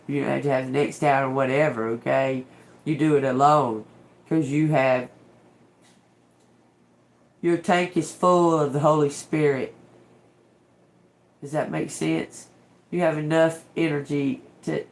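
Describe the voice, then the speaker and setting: A woman's voice: a bass voice, gravelly, a little hiss or hum. A woman doing a casual tarot reading, talking emphatically, swearing freely, laughing often and repeating herself for stress. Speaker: tarot reader.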